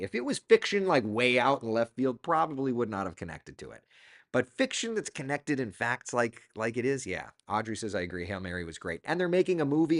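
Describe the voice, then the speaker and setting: Male host, middle-aged, casual live-stream chatter, reads comments aloud, animated intonation. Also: medium pitch.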